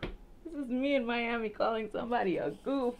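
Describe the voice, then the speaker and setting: A woman from Brooklyn, telling a story to her viewers in a casual, animated way, laughing often and acting out voices. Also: fairly high pitch, normal speed. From Brooklyn, New York. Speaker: vlogger.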